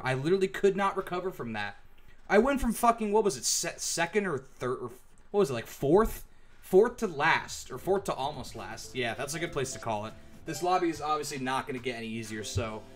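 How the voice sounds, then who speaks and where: Man, live game streamer, swears a lot, losing his voice, slightly high pitch, quiet game music underneath. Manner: frustrated swearing, then friendly sign-off.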